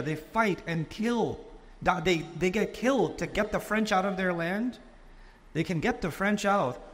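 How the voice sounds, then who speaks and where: A man preaching a sermon with passionate, rhetorical repetition. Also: high-pitched. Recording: long hall reverb.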